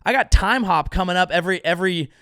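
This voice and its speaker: Casting: young male comic host, sarcastic and profane, rambling riffs, slightly high voice, dry close sound. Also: fast, creaky, fairly bright tone, dry recording. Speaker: podcast host and comedian. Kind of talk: comedic monologue.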